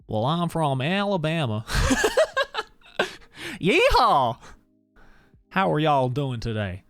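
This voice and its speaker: A man's voice: fairly high pitch, sing-song, unhurried, a bit bright, clear, resonant tone, no echo, soft background music, full character voice. An Australian man voicing a hammy Southern cowboy with an exaggerated drawl.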